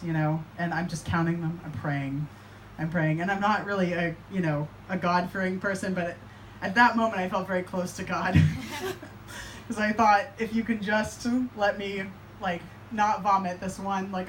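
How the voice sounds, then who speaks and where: A woman's voice: mid-range voice, slight background noise. A young woman telling a funny story live at a bar, laughing often and filling her talk with "like" and "um". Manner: laughing, animated, filler-heavy.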